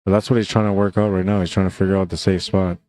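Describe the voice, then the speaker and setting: A Canadian pool commentator with a low, dark, mellow voice calls a match quickly but in a relaxed, chatty manner. He talks casually to viewers, often says "man," and drops easy asides between shots.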